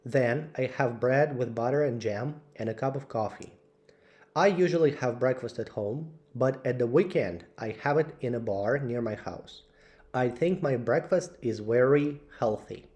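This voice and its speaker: A man slowly reading out English vocabulary lists for learners, word by word with clear pauses. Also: medium pitch, darkish tone. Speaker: English teacher. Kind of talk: slow vocabulary drill.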